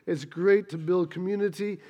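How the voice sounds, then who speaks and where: A man's voice: high-pitched, steady tone, normal speed, dark tone, dull audio. A man preaching a sermon, folksy and storytelling as he rallies the congregation. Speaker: pastor. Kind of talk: sermon with announcements and stories.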